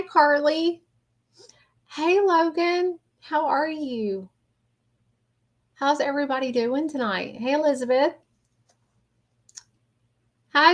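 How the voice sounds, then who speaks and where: A woman hosting a casual livestream, talking in a halting, rambling way and greeting viewers by name. She is emotional and close to tears. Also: fairly high pitch. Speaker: livestream host.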